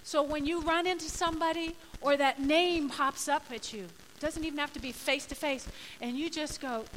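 A woman's voice: high-pitched, steady tone, normal speed, noisy background. A woman pastor giving a sermon in an emphatic, conversational way, acting out the people she quotes.

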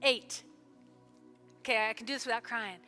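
A woman pastor preaching in a church service, fervent, with sudden loud bursts and soft prayerful stretches. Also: fairly high pitch, steady tone, moderate pace, soft background music. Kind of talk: sermon with altar call prayer.

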